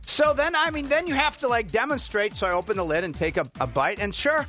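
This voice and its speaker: Bright, lively-voiced male radio host. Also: high voice, fairly quick, soft background music. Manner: easygoing, chatty. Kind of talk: casual radio chat.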